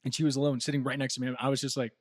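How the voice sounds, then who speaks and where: A young American man co-hosting a podcast, telling stories in a casual, laughing, animated way. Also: mid-range voice, very fast, no echo, studio quality. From United States. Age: young adult. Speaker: co-host.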